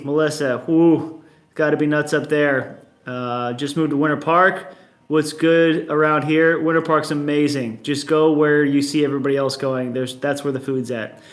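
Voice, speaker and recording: A man in his thirties hosting a casual morning livestream from home, upbeat and chatty, greeting viewers one after another. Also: medium pitch. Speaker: livestream host.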